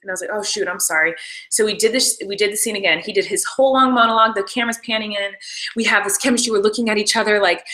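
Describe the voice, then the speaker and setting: An actress chats casually behind the scenes about filming her show, rambling with plenty of "like"s. Her medium-pitched voice is very fast, pushed and bright, and the audio quality is poor.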